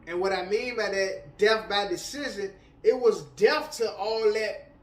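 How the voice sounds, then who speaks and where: In an echoey room with the mic set somewhat far off, an unhurried, high-voiced minister, author and speaker from Richmond, Virginia shares motivational testimony. He keeps it casual and slangy, peppering his talk with "you know what I'm saying."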